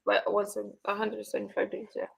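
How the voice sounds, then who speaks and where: A woman's voice: medium pitch, monotone, fast talker, vocal fry, breathy edge. A woman guest on a video-call panel, speaking hesitantly and filling her sentences with "like". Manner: hesitant, filler-heavy, lots of "like". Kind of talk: casual chat.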